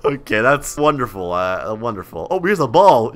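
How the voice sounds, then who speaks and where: A young man doing chatty, excitable role-play gameplay commentary for a video. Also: mid-range voice, quick pace, hardly any pauses. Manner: excitable, chatty, keeps saying "bro". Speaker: gaming video creator.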